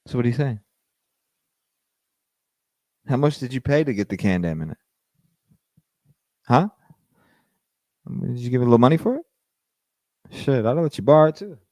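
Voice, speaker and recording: A man rants on a livestream, swearing freely and mocking people in put-on quoted voices. His voice is mid-pitched and sounds dry and close to the mic. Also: normal speed, pauses often, no room sound. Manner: profane, animated, mocks with put-on quotes. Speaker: livestream host. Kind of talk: casual livestream commentary.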